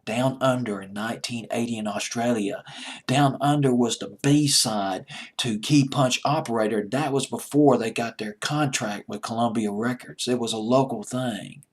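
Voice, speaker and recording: A man's voice: medium pitch, normal speed, husky. A man with a Southern American accent hosting a music countdown, rambling and chatty as he recalls old hit records. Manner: rambling, chatty, self-mocking. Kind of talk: casual music commentary.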